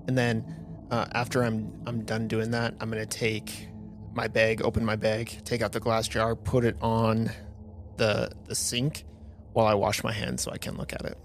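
Man, tabletop player, wry, quick-witted, music behind. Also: fairly low pitch, completely flat delivery. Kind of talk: tabletop role-play. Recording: music underneath.

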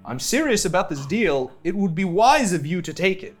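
A game master voicing a cold, menacing male dealmaker who presses his offer in a calm, level way. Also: mid-range voice, moderate pace, faint music behind. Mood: insistent.

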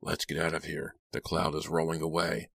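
A man voicing a tense young man in a storybook, speaking low with tight urgency. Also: completely flat delivery, moderate pace, creaky, fairly bright tone, dry recording, full character voice. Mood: urgent.

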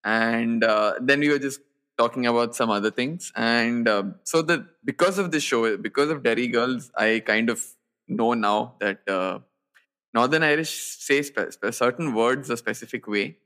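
A young man at an ordinary middle pitch, talking casually on a podcast. He tells a story in a loose, rambling way, with fillers, restarts and quick laughs. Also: bright, forceful tone. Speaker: podcast co-host. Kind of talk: casual chat.

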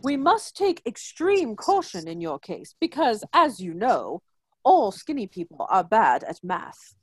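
A woman's voice: mid-range voice, very animated, unhurried, slightly rough, no room sound. A woman voicing a smug, scheming male quack advisor in a comic story reading, with pompous, creepy sales patter.

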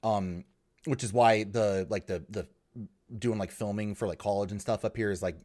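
A man chatting casually on a podcast, rambling and swearing as he tells animated stories. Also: fairly low pitch, moderate pace. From Minnesota. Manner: rambling, profane, animated storytelling. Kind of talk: casual chat.

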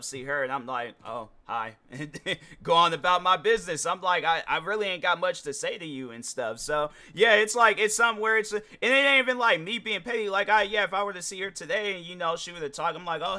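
A man's voice: fairly high pitch, pushed and bright. A young man hosting a podcast, talking casually in a rambling way, full of restarts and slang. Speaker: podcast host. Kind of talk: casual solo commentary.

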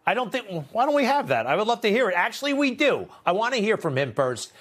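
A man's voice: sits high, big pitch swings, quick pace, fairly bright tone. A man hosting a TV interview, talking in an impassioned, indignant way. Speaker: host.

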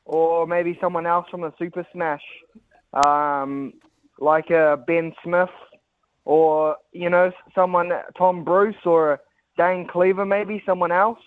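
Guy on a tinny dry phone line, slightly high voice, lots of ums. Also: fairly even intonation, takes it slowly. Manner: hesitant, many ums, earnest. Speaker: caller. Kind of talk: casual phone-in chat.

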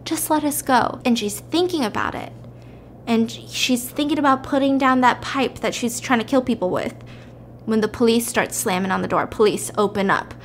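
A woman's voice: a little high, moderate pace, slight background noise. A woman hosting a podcast, casually retelling a film plot and acting out the quotes. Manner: animated, acts out the quotes. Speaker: podcast host.

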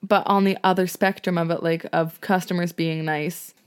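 A woman's voice: lowish voice, flat delivery, normal speed, clean tone. A woman co-hosting a casual chat, telling stories full of fillers and acting out quoted voices. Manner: chatty storyteller, acts out quoted voices, filler-heavy.

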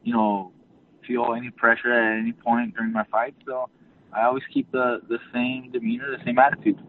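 A boxer, a man, answering interview questions in a calm, mellow, measured way. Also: medium pitch, a little hiss or hum. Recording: phone line.

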